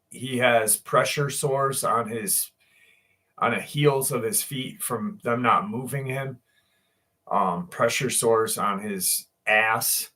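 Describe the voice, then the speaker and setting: A man chats casually to his livestream audience, unhurried and drawn out. He rambles, stops and restarts, filling pauses as he goes. His voice sits at an ordinary middle pitch. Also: bright, forceful tone. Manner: rambling, many fillers and restarts. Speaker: livestream host.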